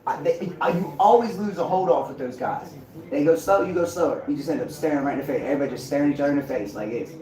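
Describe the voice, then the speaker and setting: A man's voice: fairly high pitch, quick pace. A man rambling on a live stream, swearing and laughing to himself, heard from far off in an echoey room. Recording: echoey room, mic far off, crowd noise.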